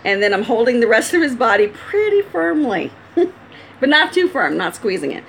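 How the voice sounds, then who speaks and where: Chatty woman explaining, fairly high voice. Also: sing-song, normal speed, gravelly, a little hiss or hum. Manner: chatty, laughs often, explains step by step. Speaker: pet bird owner. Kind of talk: casual home video, explaining. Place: at home indoors.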